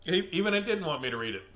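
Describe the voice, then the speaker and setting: Bright-voiced chatty man laughing often. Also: sits high. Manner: laughing, chatty, easily sidetracked. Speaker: host reading children's books aloud. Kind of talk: casual rambling chat.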